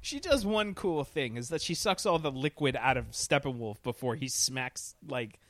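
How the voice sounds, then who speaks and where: A man chatting casually about a movie, animated and often laughing, mocking what he saw with quick impressions. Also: medium pitch. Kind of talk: casual podcast movie chat.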